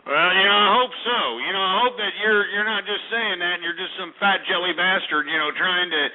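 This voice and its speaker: A man's voice: high voice, steady tone, fairly quick. A man from Texas hosting a call-in radio show, abrasive and insulting toward callers. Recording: tinny phone-quality radio recording.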